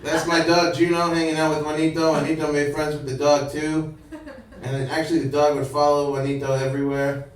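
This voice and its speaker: A man's voice: a little high, little pitch movement, brisk, slight background noise. Chatty man telling a comic story. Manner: chatty, self-amused, laughs at own jokes. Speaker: stand-up comedian. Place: live venue with audience. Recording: echoey room, distant mic, crowd laughter.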